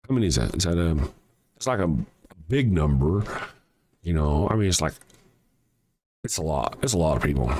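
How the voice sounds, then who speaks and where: A man hosting a solo commentary show, talking in a sarcastic, profane, mocking way. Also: fairly low pitch. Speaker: host.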